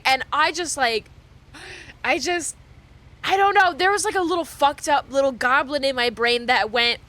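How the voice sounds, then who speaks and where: Young woman streamer, casual chat, bright and slightly high, laughs a lot, swears. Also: a little slow. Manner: animated, laughing often, swearing freely.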